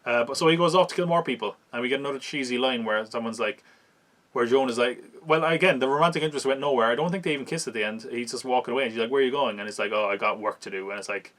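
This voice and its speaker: A man's voice: mid-range voice, racing, fairly bright tone. A man, hosting a podcast and recapping a film in casual, wry chat, laughing at it as he goes. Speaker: podcast host reviewing a film.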